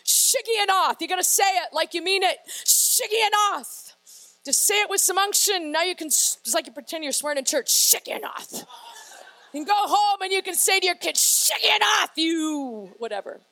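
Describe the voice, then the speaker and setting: A woman preaching a lively, playful sermon that rises to shouted praise. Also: very high-pitched, a little fast, few pauses.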